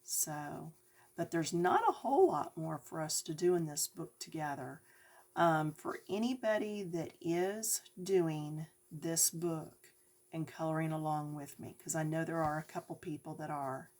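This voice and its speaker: A woman's voice: sits low, a little mellow. A woman giving a chatty coloring lesson, talking directly to her viewers. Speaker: coloring tutorial host.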